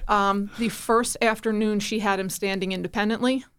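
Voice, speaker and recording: Middle-aged woman guest from New Jersey, lively storyteller who slips into the voices of the people she quotes, mid-pitched. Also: moderate pace, smooth. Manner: animated, acts out quoted voices. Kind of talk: conversational storytelling.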